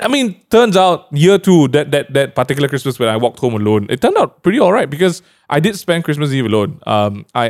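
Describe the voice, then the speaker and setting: A young man, telling a story in a casual chat, laughing often and acting out what others said. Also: medium pitch. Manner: animated storyteller, laughs often, acts out quoted voices.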